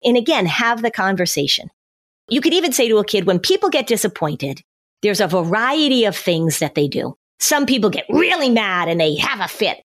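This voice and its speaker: Woman giving calm parenting advice. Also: mid-range voice, moderate pace. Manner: explains with acted-out parent and child examples. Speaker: parenting expert guest. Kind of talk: conversational advice.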